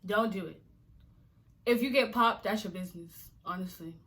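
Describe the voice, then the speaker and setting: Bright-voiced woman vlogger from Nigeria. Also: medium pitch, moderate pace. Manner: exasperated, emphatic, repeats rhetorical questions. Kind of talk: casual to-camera rant.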